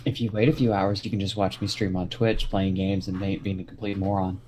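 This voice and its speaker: A man's voice: deep voice, flat delivery, brisk, dark tone, a little hiss or hum. A man who streams games, chatting casually in a group and joking at his own expense. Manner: joking, self-deprecating.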